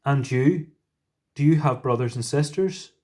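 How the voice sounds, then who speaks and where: A man teaching a Spanish lesson, explaining patiently step by step with gentle asides. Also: medium pitch, measured pace. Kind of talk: recorded classroom lesson.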